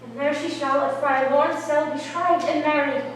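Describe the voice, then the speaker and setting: A woman's voice: sits high, fairly even intonation, moderate pace, slight background noise, natural voice. A woman on stage playing an earnest, courteous young male lover. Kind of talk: live stage acting. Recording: distant stage recording in a long reverberant space, faint ambience.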